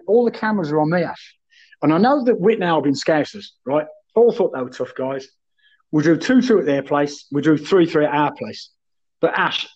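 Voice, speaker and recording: A husky, fairly high-voiced man spins a boisterous, foul-mouthed yarn in casual chat. The sound is dull and muffled. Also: a little mellow. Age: 30s then, now older. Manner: boisterous, sweary anecdotes, keeps addressing the host by name. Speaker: guest, former footballer.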